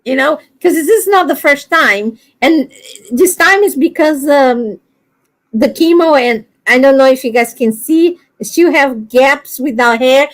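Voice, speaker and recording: A woman with a high voice, chatting casually on a livestream. She tells lively stories, acts out bits of dialogue and laughs often. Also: measured pace. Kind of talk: casual chat.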